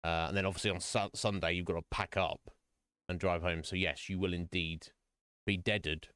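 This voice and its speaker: Man, streamer host, rambling casual chat, joking, fairly low voice, dry close sound. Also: flat delivery, moderate pace, bright, forceful tone, clean tone, dry recording.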